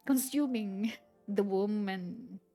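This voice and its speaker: A young woman streamer chatting casually with her viewers, retelling things in a halting, rambling way with many restarts. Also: medium pitch, dark tone, faint music behind.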